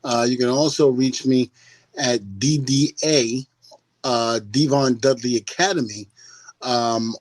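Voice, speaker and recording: Middle-aged man, casual podcast chat, animated storytelling, laughs often, dry close mic. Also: medium pitch, slow, no echo, poor audio. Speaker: podcast guest.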